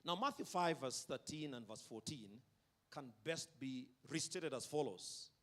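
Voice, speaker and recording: At a concert venue, a man preaches a sermon emphatically, drawing out key words and having the audience repeat lines after him in call-and-response. His mid-range voice is animated and a bit bright.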